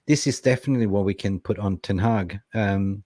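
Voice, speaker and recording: Male fan-show co-host, young adult, low voice, lively chat-reader, dry mic. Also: a little fast, no echo. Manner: lively, reads viewer comments aloud. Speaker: co-host reading live chat. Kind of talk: casual football fan chat.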